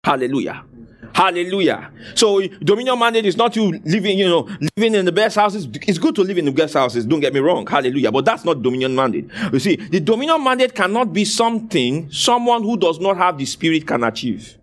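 A man's voice: high-pitched, big pitch swings, a little fast. A male pastor preaching a sermon, asking the congregation to fill in words and exclaiming hallelujah. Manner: call-and-response questioning, frequent hallelujahs.

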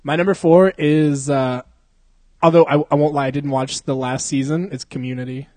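A man's voice: fairly high pitch, moderate pace, no room sound. A young man co-hosting a podcast, telling stories in a casual, profane way and laughing often. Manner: profane, animated storytelling with frequent laughter. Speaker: podcast co-host.

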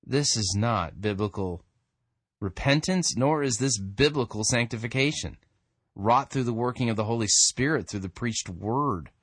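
A man's voice: medium pitch, moderate pace, a bit bright, slightly rough, no room sound. Blunt, scornful male commentator. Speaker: host reviewing sermons. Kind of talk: critical commentary.

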